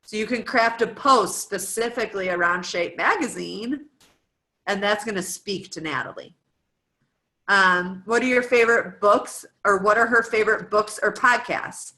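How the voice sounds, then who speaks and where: Chatty woman, bright voice. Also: medium pitch, moderate pace, rough recording. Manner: chatty, lots of "um" and "like", asks lists of questions. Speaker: guest speaker coaching fitness coaches. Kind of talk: casual talk walking through a worksheet.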